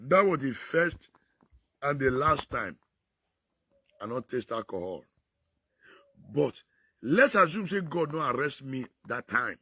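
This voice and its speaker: A man's voice: medium pitch, a little slow, long pauses, husky, no room sound. A man with a Nigerian accent, talking about society in casual Pidgin with an exclamatory delivery. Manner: animated, exclamatory.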